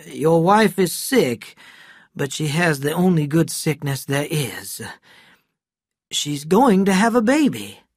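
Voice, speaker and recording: A reader voicing a stern but kindly male country doctor, firm at times and hushed at others, in a storybook reading. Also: mid-range voice, sing-song, slow, no echo, studio quality, voice pushed up, heavily acted. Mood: gentle.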